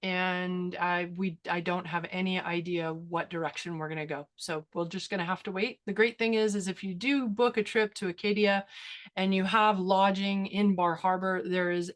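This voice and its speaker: A woman's voice: on the low side, moderate pace. A woman photographer and workshop instructor giving a webinar presentation and answering questions, talking enthusiastically with lots of fillers and laughter. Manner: enthusiastic, animated storytelling with frequent fillers and laughs. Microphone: video call.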